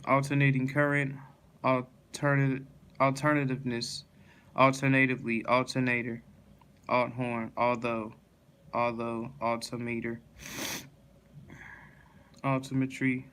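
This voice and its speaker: A tired man reading dictionary words one after another in a flat monotone, stumbling and restarting now and then. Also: mid-range voice, measured pace, pauses often, smooth. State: yawning, tired.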